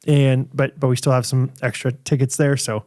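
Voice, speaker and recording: A man's voice: medium pitch, little pitch movement, moderate pace, dark tone, no echo, studio quality. A man co-hosting a podcast in casual, playful banter. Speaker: podcast co-host. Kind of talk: casual chat.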